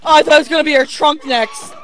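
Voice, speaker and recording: A woman's voice: high voice, steady tone, quick pace, a bit bright, slight background noise, low-quality recording. A woman streaming a co-op game, reacting in a dramatic, squeamish way in casual commentary.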